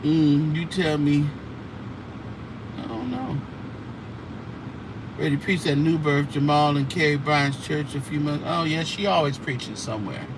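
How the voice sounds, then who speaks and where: A man's voice: on the high side, a little slow, long pauses. A man hosting casual church gossip commentary, sassy and drawling, with mocking mimicry of the people he talks about. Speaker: host. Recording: outdoor traffic noise.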